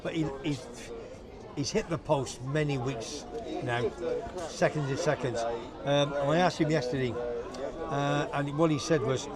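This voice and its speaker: A man's voice: on the high side, fairly even intonation, measured pace, long pauses. A man chatting as a guest on a live show, rambling with lots of fillers and restarts, with a lingering cough. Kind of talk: casual banter on a livestream. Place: outdoors at a busy bar. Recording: outdoor livestream with crowd noise. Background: crowd chatter.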